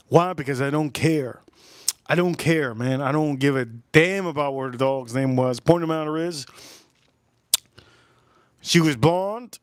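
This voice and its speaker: A man's voice: medium pitch, dry recording, studio quality. A man hosting a livestream, telling a rambling, crude story in a casual way and repeating himself as he goes. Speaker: livestream host.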